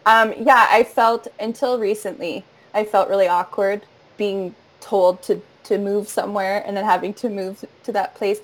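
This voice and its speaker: A woman's voice: mid-range voice, fairly even intonation, moderate pace, hardly any pauses, poor audio. A woman who teaches voice and narrates audiobooks, talking earnestly in a casual interview and laughing easily. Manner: warm, earnest, laughs often, demonstrates voice registers.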